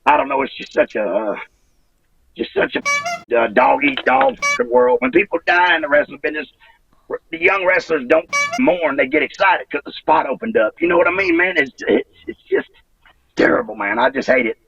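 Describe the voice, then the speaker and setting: A man in his fifties, a retired wrestler giving an interview, talking in a halting, emotional way, repeating himself and swearing freely. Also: on the high side, big pitch swings, gravelly, a bit bright, breathy edge, no room sound, distant mic, muffled recording. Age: 50s. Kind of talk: emotional interview over a call.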